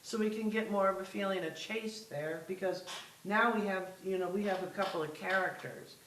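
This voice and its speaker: A woman's voice: mid-range voice, normal speed, roomy sound, recorded from a distance, background noise. A woman music teacher coaching a student in a masterclass, patient and giving step-by-step instructions over a video call.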